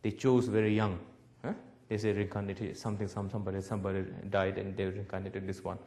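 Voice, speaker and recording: A man in his forties, a Buddhist teacher, giving a public talk in broken English and telling lively stories. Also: low-pitched, quick pace. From Nepal.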